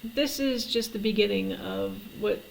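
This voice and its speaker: Middle-aged woman, gravelly vlogger voice, halting and reflective, faint hiss behind. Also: mid-range voice, low-quality recording. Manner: halting, reflective, with frequent fillers and restarts. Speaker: vlogger telling her life story. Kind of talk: personal storytelling to camera.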